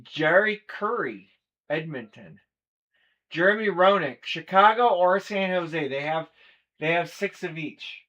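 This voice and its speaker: A man's voice: high-pitched, expressive, a little slow, pushed and bright, dull audio. A man hosting a live collectibles stream, chatting casually and running through a list of players and teams. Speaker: stream host. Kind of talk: live breaking stream chat.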